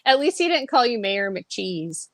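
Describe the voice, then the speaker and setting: A woman's voice: mid-range voice, sing-song, measured pace, fairly bright tone, no room sound. A woman co-hosting a pop culture podcast, teasing her co-host and giggling in casual chat.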